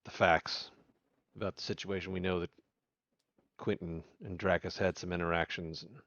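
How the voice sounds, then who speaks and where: Male player, very low voice, calm and measured, dull lo-fi recording. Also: no room sound. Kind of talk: playing a tabletop role-playing game. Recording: dull lo-fi mic.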